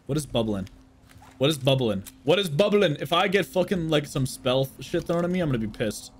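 Young male streamer, high lively voice, cussing and yelling at the game, game music behind. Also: fairly quick. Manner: animated, swears a lot, laughs and shouts at enemies. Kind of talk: live gameplay commentary.

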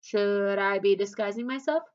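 A woman's voice: medium pitch, moderate pace, clear, resonant tone, highs cut off, natural voice. A woman voicing a young girl yeti in a storybook reading, earnest and determined.

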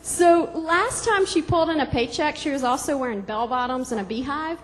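A woman's voice: high voice, normal speed, long reverb tail. A woman from Georgia doing stand-up comedy on a club stage, bubbly and giggly, chatty with the crowd.

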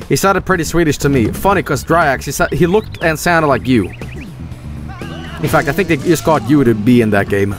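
A man streaming a game, joking crudely and reacting with excitement. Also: mid-range voice, brisk. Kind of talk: live game commentary. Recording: game music behind.

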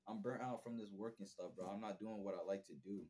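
A young man with a slightly low voice rambles through a casual vlog story, leaning on bro and bruh. He talks in a candid, self-reflective way about how he has been feeling. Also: steady tone, quick pace, a little mellow, a little hiss or hum. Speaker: vlogger.

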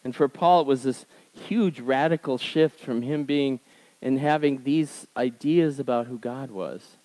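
A man's voice: unhurried, rough recording. Man preaching in a conversational style. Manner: conversational storytelling, swinging between emphatic highs and quiet asides. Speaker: pastor. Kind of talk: sermon.

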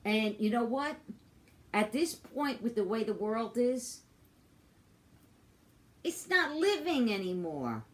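Older New woman, agitated vlog rant, slow delivery, swears and repeats herself, upset and stressed. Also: fairly high pitch, big pitch swings. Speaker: vlogger. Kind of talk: angry personal rant to camera.

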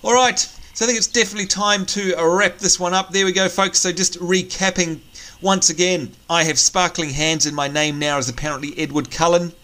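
A man's voice: sits high, fairly even intonation, brisk, pushed and bright. A man hosting a let's play, chatting casually and joking as he plays. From Australia. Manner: chatty, jokey, thinks aloud. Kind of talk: casual gameplay commentary.

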